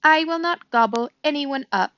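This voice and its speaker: A woman voicing a calm, polite female robot who speaks in a formal, measured way in a storybook reading. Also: high-pitched, no room sound, voice pushed up. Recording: dull dry recording.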